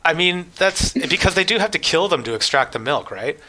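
Bright-voiced joking male co-host. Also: a little high, expressive, fairly quick, slight background noise. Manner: wry, joking, thinks aloud with likes and ums. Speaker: show host. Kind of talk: casual news chat.

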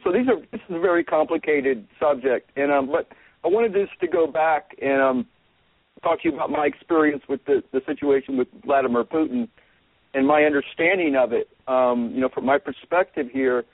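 A man talking casually to his listeners, rambling and halting with many fillers and restarts as he works through his opinions. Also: medium pitch, no room sound. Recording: tinny phone-like line.

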